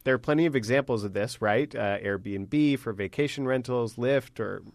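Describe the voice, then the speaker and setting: A man's voice: medium pitch, normal speed, no echo. Chatty male radio tech host. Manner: cheerful, explanatory and chatty. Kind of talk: casual radio chat.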